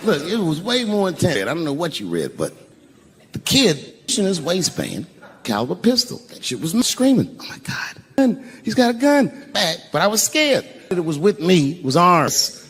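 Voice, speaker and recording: Animated male comic in a big echoey venue. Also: fairly high pitch, normal speed. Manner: animated storytelling, shouted punchlines and acted-out voices. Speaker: stand-up comedian. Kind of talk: stand-up routine. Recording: echoey large venue with background noise.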